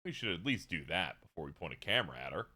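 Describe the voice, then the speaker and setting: A man voicing a calm, earnest young mother who gently teases her husband. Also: low voice, quick pace, voice pushed down, heavily acted. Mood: gentle.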